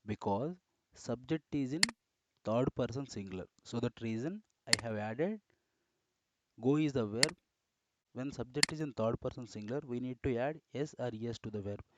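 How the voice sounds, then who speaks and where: A man's voice: mid-range voice, lively intonation, normal speed, dull audio, heavy background noise. A man teaching English grammar in a screen-recorded lesson, repeating and correcting himself as he explains step by step.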